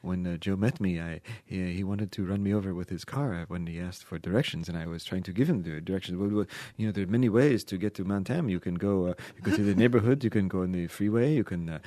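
A self-absorbed existential French woman, put on by a man muses in a low register, wandering from thought to thought. The sound is dry and close, with no room around it. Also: fast, few pauses, warm tone, dry recording, close to an everyday voice. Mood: dreamy. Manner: meandering, philosophical musing.

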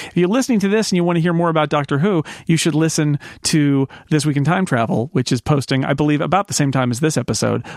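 Male host, slightly high voice, eager rambling chat, dry close mic. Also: dry recording. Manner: talkative, enthusiastic, frequent fillers. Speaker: podcast host. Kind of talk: casual chat.

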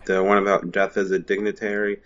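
A man's voice: lowish voice, monotone, fairly quick, fairly bright tone. A man in a casual literary discussion who talks in a chatty, hesitant way with many fillers. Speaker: discussion co-host. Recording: dull lo-fi sound.

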